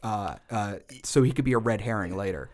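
A man in a casual brainstorming chat, talking animatedly and acting out quick character voices. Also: fairly low pitch, darkish tone.

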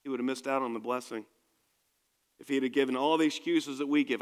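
A man's voice: mid-range voice, steady tone, quick pace, pauses often, smooth, in a large hall. A man preaching a sermon as pastor, speaking in an emphatic, conversational way to his congregation in a church.

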